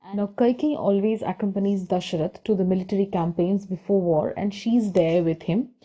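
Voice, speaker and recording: Mellow-voiced woman telling a story casually. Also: mid-range voice, fairly quick, highs cut off. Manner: conversational, with fillers and restarts. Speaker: book channel storyteller.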